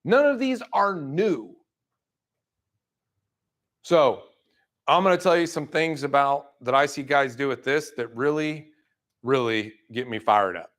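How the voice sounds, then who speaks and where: A man giving a motivational sales talk to a room, blunt and fired up, acting out people's excuses in quick asides. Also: medium pitch, animated, a bit bright. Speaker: roofing sales trainer. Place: room with an audience.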